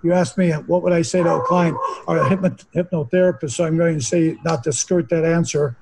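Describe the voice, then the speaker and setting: A man's voice: a little high, fairly quick, creaky, background noise. An older man, a hypnotherapist guest, talking in a philosophical, rambling conversational way. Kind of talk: casual conversation.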